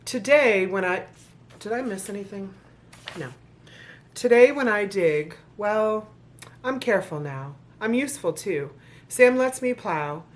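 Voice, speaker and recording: A woman's voice: medium pitch, lively intonation, unhurried. A woman reads a children's book aloud in rhyme, breaking off often for sarcastic, playful comments to her viewers. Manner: sarcastic, playful commentary between read lines. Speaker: vlogger reading a children's book. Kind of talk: reading aloud with joking asides.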